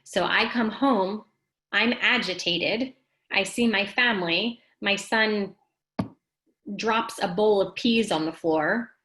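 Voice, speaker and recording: A woman hosting a casual motivational talk, speaking straight to her viewers in an animated, emphatic way and reading out their comments. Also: slow pace, low-quality recording. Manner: animated and emphatic, rising high when making a point; talks straight to the audience and reads out their comments. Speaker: host of a live wellness talk.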